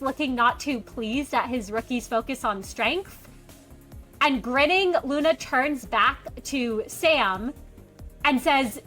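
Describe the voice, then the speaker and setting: A woman running a tabletop role-playing game as game master, narrating lively and jumping into characters' lines. Her voice is high and bright, with faint music underneath. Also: slow.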